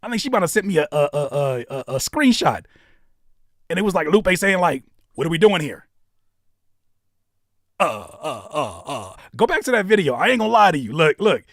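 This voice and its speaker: Man, live stream host, animated, slightly raised pitch, very dry close sound. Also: vocal fry, dry recording. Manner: animated, quick shifts between shouting and muttering. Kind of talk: casual live stream commentary.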